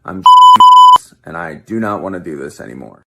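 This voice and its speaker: A man playing a weary, awkward male politician in a comedy sketch, halting and mock-cheerful with despairing asides. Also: sits low, wildly swooping pitch, creaky, pushed and bright, full character voice. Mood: miserable awkward. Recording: roomy echo.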